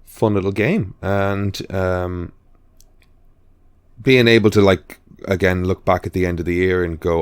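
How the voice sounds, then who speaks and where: A man's voice: deep voice, fairly even intonation, measured pace, smooth, no room sound. A man co-hosting a podcast, chatting casually about films, rambling with lots of fillers and restarts. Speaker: podcast co-host. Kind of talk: casual chat.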